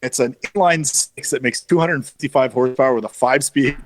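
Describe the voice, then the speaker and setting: A man's voice: medium pitch, brisk, slight background noise. A man co-hosting a casual chat about car auctions, rattling off prices and specs with easy knowledge. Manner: knowledgeable, states numbers and specs. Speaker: co-host of a car auction show.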